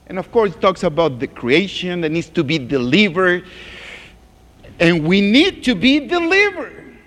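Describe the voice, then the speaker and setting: A man preaching as a pastor, reading scripture slowly and dropping to a hushed groan in prayer. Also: on the high side, big-room sound. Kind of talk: sermon.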